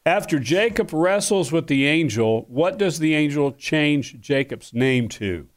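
A man's voice: fairly high pitch, expressive, unhurried. A man co-hosting a radio call-in show, joking and upbeat in casual chat. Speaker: radio co-host.

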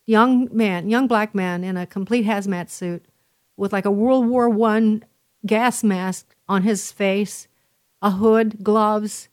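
A woman host talking straight to her listeners in a casual monologue, telling stories with emphatic repetitions. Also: mid-range voice. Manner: animated storytelling, emphatic repetitions.

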